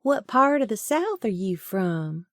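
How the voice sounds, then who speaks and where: A woman voicing a forward, flirtatious blonde woman in an audiobook, breathy and teasing. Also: medium pitch, sing-song, a little slow, no echo, clean studio sound, pitched above the performer's own voice. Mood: gushing.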